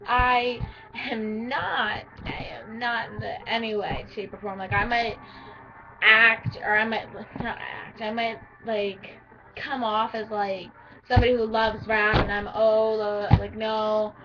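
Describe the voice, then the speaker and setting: A woman's voice: a little high, level tone, a little slow. A teenage girl vlogging about herself in a rambling, casual way, full of "um" and "like". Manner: rambling, lots of "um" and "like", restarts. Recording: dull lo-fi sound with crowd noise behind.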